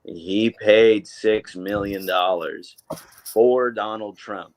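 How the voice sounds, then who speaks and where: A man's voice: on the low side, fairly even intonation, slow pace, rough recording. A man co-hosting a weekly talk stream, speaking in a casual, rambling way with many fillers and restarts. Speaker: co-host. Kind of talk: casual political chat.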